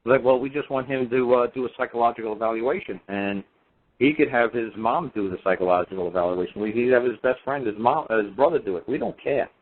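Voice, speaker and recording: A man's voice: mid-range voice, fast talker. Defiant man on a tinny radio line. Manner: defiant, repetitive, emphatic. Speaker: radio show guest speaker. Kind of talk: impassioned personal story on talk radio.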